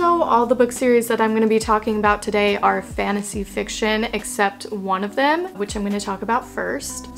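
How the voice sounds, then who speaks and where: A woman's voice: fairly high pitch, fairly bright tone. A young woman vlogging about her favorite books in a gushing, chatty way, full of "like" fillers. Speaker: book vlogger. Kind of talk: casual chat.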